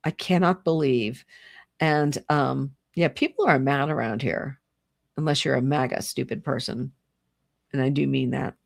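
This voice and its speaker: Indignant low-voiced woman ranting. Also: fairly even intonation, a little slow, vocal fry, no echo, studio quality. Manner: heated, indignant, rambling with restarts. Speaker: channel host. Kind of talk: solo political rant to camera.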